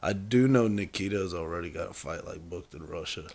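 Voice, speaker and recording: A man co-hosting a casual sports podcast, talking in an animated way and laughing often. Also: low voice, brisk. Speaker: podcast co-host. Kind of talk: casual chat.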